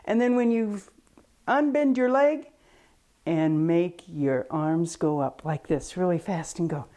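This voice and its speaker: A woman's voice: lowish voice, slow pace, mellow. A woman reading a picture book aloud and coaching children through yoga poses in a patient, encouraging way. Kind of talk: storybook reading with kids' yoga instruction.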